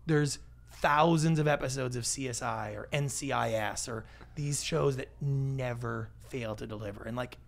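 Animated, gravelly storyteller man. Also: medium pitch. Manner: animated storyteller, acts out quoted voices, quick asides. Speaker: podcast guest, pitching expert. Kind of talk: casual interview talk.

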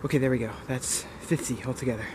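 A man chats easygoing to a handheld camera mic while he jogs outside, his voice in a plain middle register. Loud traffic and street noise wash over the recording. He keeps it casual, talking to his viewers as he goes. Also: medium pitch, steady tone, quick pace. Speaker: vlogger. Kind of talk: casual vlog talk. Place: outdoors on a street.

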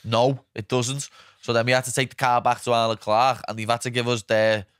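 A young man with a Liverpool accent, hosting a casual podcast chat and telling animated stories, swearing freely and acting out what people said. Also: medium pitch, fast talker, clear, resonant tone, no room sound, studio quality. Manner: animated anecdotes, swears freely, acts out quotes. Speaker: podcast host.

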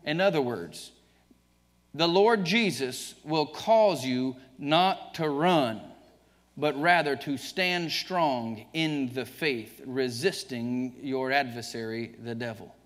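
A man's voice: mid-range voice, slow. A man with a Southern US accent preaching a sermon to his congregation, emphatic and joking with them, chuckling often. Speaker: pastor. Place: church sanctuary. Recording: church livestream, long reverb.

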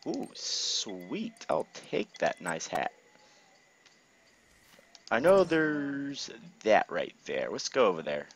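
A man commentating his own gameplay casually, excitable, laughing and swearing often. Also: on the low side, slow, pauses often, breathy edge.

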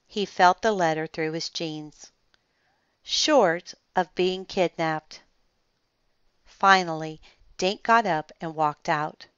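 A woman reading a children's mystery book aloud in a calm, measured way. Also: low-pitched, clean tone, dry recording. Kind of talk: read-aloud storytelling. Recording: slightly muffled dry recording.

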